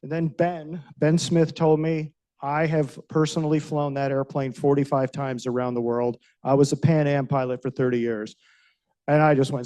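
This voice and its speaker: A man's voice: a little high, steady tone, normal speed, mellow. Chatty man giving a casual talk. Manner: chatty, storytelling, frequent fillers. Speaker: guest speaker, airline pilot. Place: meeting room.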